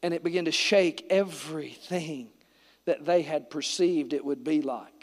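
A man's voice: a little high, normal speed, big-room sound. A man preaching a sermon in a church, telling his story earnestly and vividly. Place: church sanctuary.

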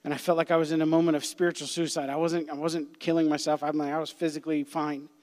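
A man preaching a youth sermon as a pastor, impassioned, swinging between hushed whispers and loud cries. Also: a little high, little pitch movement, quick pace. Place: church sanctuary. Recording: long hall reverb.

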